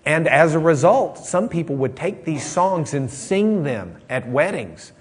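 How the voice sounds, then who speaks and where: A man's voice: on the high side, sing-song, measured pace, slightly rough. A man teaching a casual Bible class, rambling through anecdotes with frequent restarts and fillers. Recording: long hall reverb.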